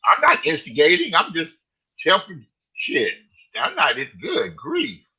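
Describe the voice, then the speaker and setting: Husky teasing older man on a stream. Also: high-pitched, huge pitch swings, a little slow, pushed and bright. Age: middle-aged. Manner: teasing, exclaiming, repeats himself. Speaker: livestream commentator. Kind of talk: casual online chat. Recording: slightly dull lo-fi stream audio.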